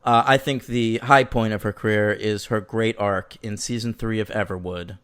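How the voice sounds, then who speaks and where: A man co-hosting a film review podcast, animated and profane, acting out lines as he chats. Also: on the low side, normal speed, clean tone. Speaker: podcast co-host. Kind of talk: casual film review chat.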